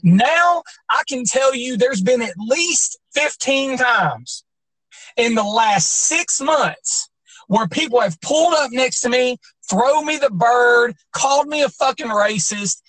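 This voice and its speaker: A man's voice: very high voice, a bit bright, dry recording, low-quality recording. Rambling, profane man chatting casually. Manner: rambling, profane storytelling with many fillers. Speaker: podcast co-host.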